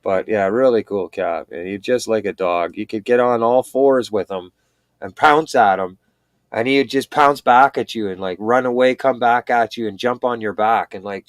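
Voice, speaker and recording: Man, casual livestream talker, rambling animated storyteller, dry close sound. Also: mid-range voice, normal speed, dry recording. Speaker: livestream chat participant. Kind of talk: casual chat.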